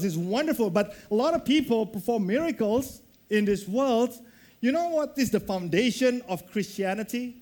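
High-voiced animated male preacher. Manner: animated storytelling, acts out voices. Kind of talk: sermon.

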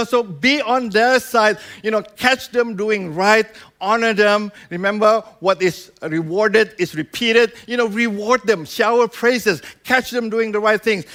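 A man's voice: very high voice, unhurried, bright, forceful tone. A man preaching a sermon in a conversational way, checking in with "right?" and acting out quoted voices. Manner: conversational preaching with frequent "right?" and "you know". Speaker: pastor.

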